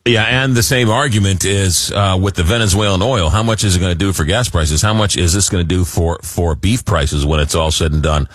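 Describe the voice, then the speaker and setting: A man hosting a late-night radio talk show, animated and jokey, often repeating words as he gets going, on a studio microphone. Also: low voice, brisk, few pauses, dry recording.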